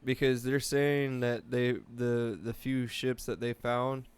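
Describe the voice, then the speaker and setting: A man's voice: medium pitch, flat delivery, slow pace, clear, resonant tone. A man co-hosting a podcast in casual chat, rambling and swearing, slipping into voices as he tells a story. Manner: rambling, swearing, acts out voices in his stories. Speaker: podcast co-host.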